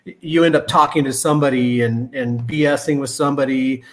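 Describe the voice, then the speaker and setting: A man's voice: medium pitch, steady tone, a little fast, fairly bright tone. A man guesting on a podcast, talking in an easygoing, earnest casual way. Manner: easygoing, earnest, a few restarts. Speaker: guest, riding group co-founder. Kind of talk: casual chat.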